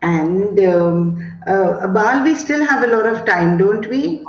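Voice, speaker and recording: A woman lectures teachers in an expressive, drawn-out way. Her delivery is slow and deliberate. The call audio is roomy and a little muffled. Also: mid-range voice. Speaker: guest speaker on education.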